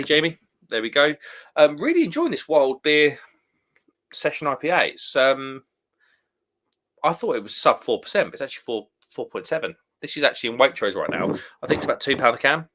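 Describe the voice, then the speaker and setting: A man's voice: medium pitch, sharp tone. A man hosting a casual beer live stream, chatting, reading out viewer comments and calling people mate. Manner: chatty, laughs often, calls people mate.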